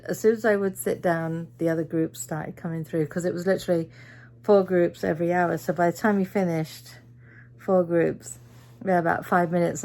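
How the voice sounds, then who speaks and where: Tired, gravelly woman chatting. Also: fairly low pitch, a little mellow. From Britain. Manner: chatty storyteller, acts out quoted voices. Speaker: vlogger. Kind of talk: casual end-of-day vlog chat.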